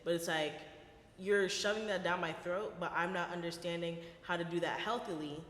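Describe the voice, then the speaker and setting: A young woman co-hosting a casual podcast chat, animated and laughing as she tells stories. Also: on the low side, normal speed. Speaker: podcast co-host. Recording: echoey room with long reverb.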